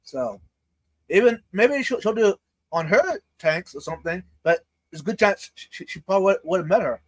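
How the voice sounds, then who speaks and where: Lively high-voiced male stream host. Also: no room sound. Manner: lively, halting, laughs a lot. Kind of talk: casual live-stream chat.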